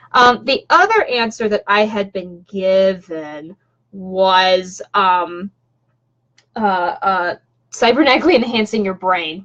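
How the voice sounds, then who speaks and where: Woman streamer, casual and rambly, chatting from home over a slightly dull webcam mic. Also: medium pitch. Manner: rambling, many fillers and restarts, chatty asides. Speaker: vlogger doing a live stream. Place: home room.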